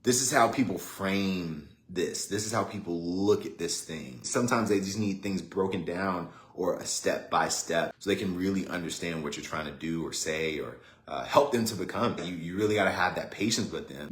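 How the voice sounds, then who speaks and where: Low-voiced man chatting casually, echoey room. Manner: relaxed, conversational, many fillers like 'right?'. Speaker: host. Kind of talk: casual motivational talk on a livestream. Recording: roomy echo.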